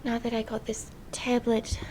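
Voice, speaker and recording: A young woman playing an earnest, lonely diarist in a video diary, speaking hesitantly and softly, often slipping into whispers. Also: fairly high pitch, completely flat delivery, moderate pace, a little hiss or hum, natural voice, poor audio. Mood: confiding. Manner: hesitant and soft-spoken, drifting into whispers. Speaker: diary vlogger character. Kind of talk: in-character diary vlog.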